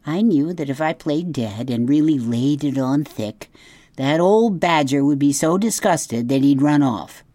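A woman's voice: deep voice, animated, a little slow, mellow, dry recording. A woman voicing a vain, theatrical female opossum who loves to perform, talking in a gushing, showy way.

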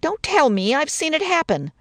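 A touchy young newlywed bride, read by a woman, with a lively, swooping voice. She rattles off quick, sarcastic complaints. The recording is close and dry. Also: sits high, no room sound. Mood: aggrieved. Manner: wounded, sarcastic, rapid rambling complaints. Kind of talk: dramatic story reading.

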